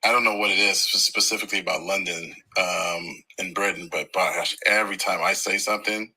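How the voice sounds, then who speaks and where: A man's voice: low-pitched, fairly even intonation, a little fast, pushed and bright, slightly rough, low-quality recording. A man with an American accent chatting casually on a live stream, telling stories and laughing easily. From United States.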